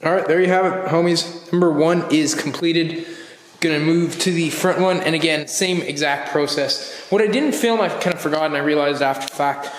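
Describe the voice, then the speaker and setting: Hoarse man, scratchy voice, slightly high, rambling vlog talk, garage with long echo. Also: moderate pace. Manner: rambling, with fillers and restarts. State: hoarse, recovering from a cold. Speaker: car vlogger host. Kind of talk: casual how-to vlog. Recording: echoey garage with long reverb.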